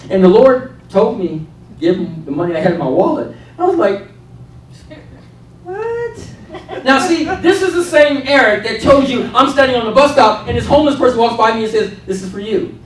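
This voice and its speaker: A man's voice: very high-pitched, lively intonation, a little fast. A man preaching a sermon to a congregation, calling for responses and telling humorous stories. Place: church room with a congregation. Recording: very echoey room, mic far off.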